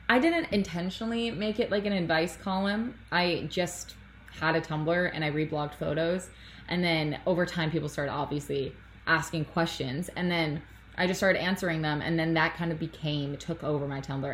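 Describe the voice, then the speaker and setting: Young canadian woman out of breath, rambly podcast chat on a laptop mic, lowish voice, bit of faint hiss behind. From Canada, Toronto. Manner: rambling, filler-heavy, apologetic. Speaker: podcast host. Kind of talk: casual chat. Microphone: laptop built-in mic.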